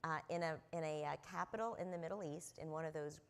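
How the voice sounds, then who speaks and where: On a convention stage, a middle-aged woman on a panel tells earnest stories about her mentors, dropping plenty of ums and uhs along the way. She talks fast in a low, smooth voice with vocal fry.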